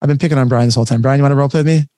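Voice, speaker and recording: Brisk male trainer on a video call, dry close sound, animated. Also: mid-range voice, no echo. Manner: energetic, conversational, acts out client dialogues. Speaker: real estate trainer. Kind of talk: live online training talk.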